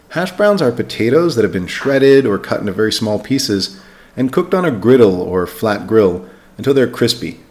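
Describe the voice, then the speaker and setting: A man hosting an English-learning podcast, reading a vocabulary lesson and spelling words out slowly for learners. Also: fairly low pitch, darkish tone. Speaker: podcast host, English teacher.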